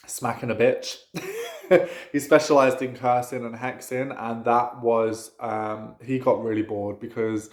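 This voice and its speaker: Gravelly-voiced man chatting casually. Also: medium pitch, reverberant. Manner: rambling, chatty, frequent fillers and laughs. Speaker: witchcraft vlogger. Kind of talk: casual talk to camera.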